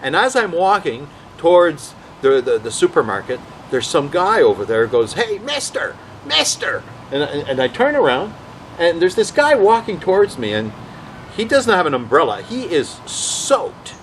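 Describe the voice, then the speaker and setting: Rambling, lively male storyteller. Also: on the high side, normal speed, a little hiss or hum, rough recording. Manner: rambling, animated, quotes others in voices. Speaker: vlog host. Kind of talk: casual anecdotal storytelling.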